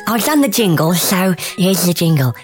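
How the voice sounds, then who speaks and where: A young woman playing a mopey, self-pitying university student in a comedy sketch, talking in a deadpan, mournful way. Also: on the low side, normal speed, loud music behind the voice. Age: young adult.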